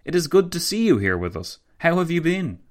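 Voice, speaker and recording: A man's voice: a little high, very animated, a little fast, pitched above the performer's own voice. A man voicing a formal, genial male statesman who speaks courteously and conciliates. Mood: conciliatory.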